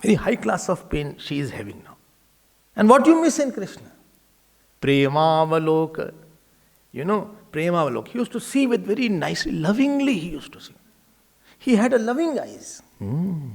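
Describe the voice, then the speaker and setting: Animated swami giving a sermon. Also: male voice, high voice, normal speed, vocal fry. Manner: animated, acts out dialogues, drops to whispers. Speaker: swami, spiritual teacher. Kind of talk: devotional discourse.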